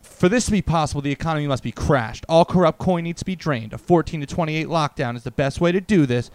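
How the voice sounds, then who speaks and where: A man reads aloud for a casual podcast with theatrical, mock-serious emphasis, and he is quick to cut off his co-host. His voice sits a little high. The sound is dry and close. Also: a little mellow, dry recording. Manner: mock-dramatic reading, bossy with co-host. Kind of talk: casual chat, reading aloud.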